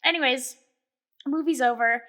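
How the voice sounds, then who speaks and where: A young woman co-hosting a podcast, telling a wild story in a casual, animated way, laughing often and swearing freely. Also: high-pitched, normal speed. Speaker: podcast co-host.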